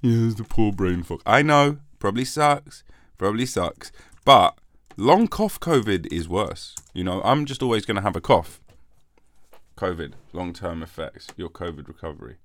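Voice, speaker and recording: A man's voice: deep voice, big pitch swings, moderate pace, a bit bright, dry recording. A man hosting a comic solo podcast, rambling and mock-defensive, with a lingering cough after covid. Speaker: podcast host.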